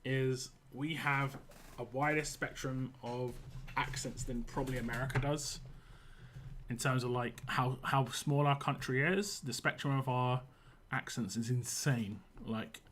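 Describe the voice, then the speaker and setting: Casting note: male game streamer, West London accent, mid-pitched, rambling and chatty with viewers. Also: fairly even intonation, measured pace, a bit bright. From England. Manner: chatty and rambling, answers chat as he plays. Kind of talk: casual livestream chat while playing.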